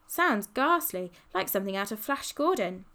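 A woman's voice: medium pitch, big pitch swings, pushed and bright. Woman doing a clipped posh old-fashioned schoolboy. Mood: brisk. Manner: clipped, brisk, scornful.

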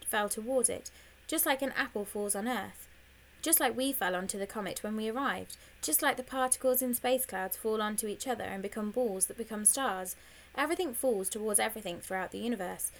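A woman reading an audiobook, voicing a bossy, show-off schoolgirl who lectures and teases in a lively, raised voice. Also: on the high side, a little fast, lightly acted. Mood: lecturing. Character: bossy know-it-all schoolgirl, smug show-off.

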